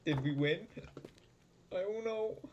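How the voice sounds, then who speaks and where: Frantic swearing gamer with lively pitch. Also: male voice, slow pace, dull audio. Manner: frantic, swearing, yelling in panic then muttering to himself. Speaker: gaming video creator. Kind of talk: panicked gameplay commentary. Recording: loud background noise with clicks.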